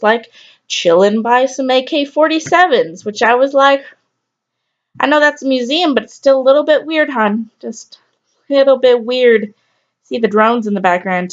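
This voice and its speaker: Woman vlogger, higher voice, candid rambling storyteller, slightly dull lo-fi sound. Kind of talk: casual storytelling to camera.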